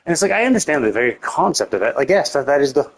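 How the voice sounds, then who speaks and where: A man's voice: fairly high pitch, sing-song, very fast. A man streaming a video game, rambling casually and venting his annoyance with lots of swearing and filler words. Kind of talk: casual gameplay commentary.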